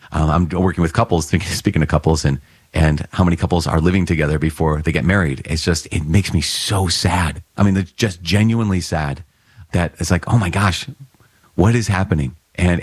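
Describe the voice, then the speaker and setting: Low, husky-voiced priest. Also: male voice, no echo. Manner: earnest, teacherly, checks in with "right?". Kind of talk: conversational Bible reflection.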